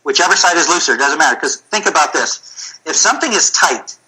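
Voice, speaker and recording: A middle-aged man, a physical therapy clinic owner, telling stories in a casual, animated way. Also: a little high, a little fast, low-quality recording. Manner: animated, storytelling with acted-out quotes. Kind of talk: casual storytelling chat.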